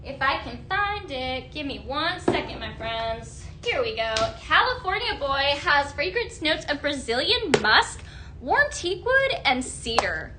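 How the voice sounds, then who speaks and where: A woman hosting a live shopping stream, gushing in an upbeat sales pitch to viewers she calls her friends. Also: big pitch swings, unhurried, noisy background.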